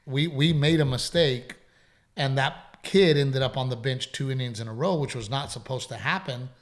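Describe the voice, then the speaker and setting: A man in his forties hosting a podcast, chatting casually and telling stories in a relaxed, rambling way with laughs. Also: medium pitch, normal speed. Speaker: podcast host. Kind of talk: casual chat.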